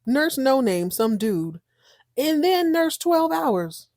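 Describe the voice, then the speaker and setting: Animated, slangy woman recapping a soap. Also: high-pitched, takes it slowly, no room sound, clean studio sound. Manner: animated, slangy, laughing storyteller. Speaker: podcast host. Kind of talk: casual soap opera recap.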